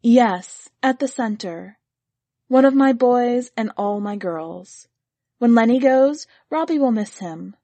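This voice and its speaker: A woman narrating a story in a measured, gently expressive reading. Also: a little high, no echo.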